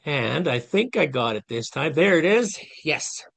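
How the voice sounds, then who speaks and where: Earnest man in his fifties, higher voice. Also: very animated, measured pace, gravelly, fairly bright tone. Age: 50s. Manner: earnest, conversational, addresses the audience directly. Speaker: guest speaker giving a masterclass. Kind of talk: motivational talk.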